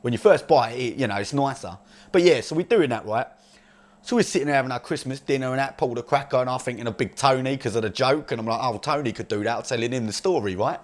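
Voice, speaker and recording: A man's voice: mid-range voice, quick pace, lightly acted. A man playing a brash, crude chav with an Essex accent, rambling and swearing in laddish banter as a comedy character monologue.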